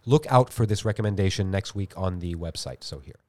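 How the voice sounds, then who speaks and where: A man's voice: low voice, fairly quick, dark tone. A man hosting a podcast, chatting loosely, joking and swearing freely. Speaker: podcast host. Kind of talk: casual chat.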